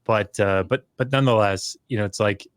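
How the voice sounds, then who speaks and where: A middle-aged man with a low voice tells a long story in casual conversation, with many fillers and restarts. He gets livelier when he acts out what others said. The recording is dry and close, with no room sound. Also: brisk, no echo. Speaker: podcast guest, scholar.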